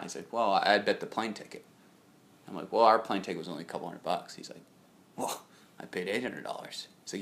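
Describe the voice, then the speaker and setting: A low, slightly bright voice belongs to a young podcast co-host on a casual chat show. He rambles through a long anecdote, relaying what other people said in his own voice.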